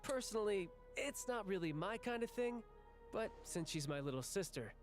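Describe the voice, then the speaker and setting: Earnest young man, game dialogue, high pitch, plain-spoken, faint music. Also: expressive, moderate pace. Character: earnest young man, dutiful older brother.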